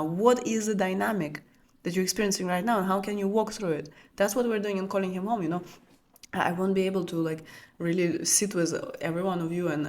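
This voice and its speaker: Female spiritual coach, first language Russian, soft flowing teaching talk, searching restarts, often hushed. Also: on the low side, gravelly. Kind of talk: intimate teaching talk to an audience.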